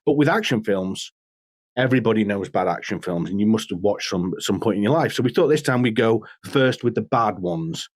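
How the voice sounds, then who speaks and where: A man co-hosting a casual podcast, an animated storyteller who laughs often and slips into impressions. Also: on the low side, fairly quick, no room sound. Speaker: podcast co-host. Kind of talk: casual chat.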